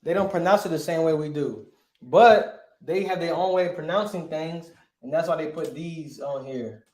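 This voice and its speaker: A man's voice: fairly high pitch, normal speed, a little mellow, echoey room. A man teaching a lesson, asking rhetorical questions and punctuating points with emphatic asides. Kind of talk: classroom lesson.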